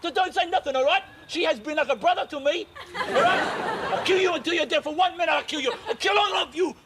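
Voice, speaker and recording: An actor playing a hot-headed man who guards his sister, shouting in broken English in a comedy sketch. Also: very high voice, fast. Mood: furious. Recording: rowdy crowd and noise behind.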